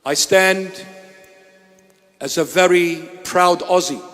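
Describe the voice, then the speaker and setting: Man, from Iraq, preacher, high voice, emphatic, deliberate, sermon address, echoing church hall. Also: a bit bright, soft background music. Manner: emphatic, deliberate, with repeated phrases. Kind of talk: impassioned sermon-style address.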